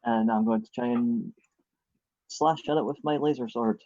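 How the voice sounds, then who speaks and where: A man's voice: mid-range voice, normal speed, dark tone, dull audio, slight background noise. A man playing in a tabletop game, chatting and joking and thinking aloud over his dice rolls. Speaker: player. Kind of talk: casual tabletop game chat.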